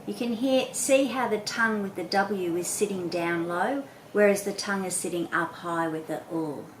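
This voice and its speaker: A woman patiently explaining children's speech sounds to parents, sounding out each sound slowly and clearly. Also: mid-range voice, reverberant, slight background noise, rough recording. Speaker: literacy educator. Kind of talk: instructional talk to parents.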